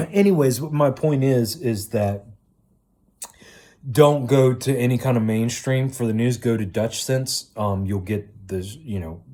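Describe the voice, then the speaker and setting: A man talking to his viewers in a rambling casual monologue, halting often with ums and restarts, and swearing casually. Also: medium pitch, mellow. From Virginia, United States. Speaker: video creator.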